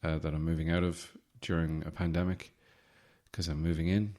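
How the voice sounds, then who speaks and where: A man hosting a casual solo podcast from home, rambling with deadpan joking asides. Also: sits low, moderate pace. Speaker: podcast host. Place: home in the city centre.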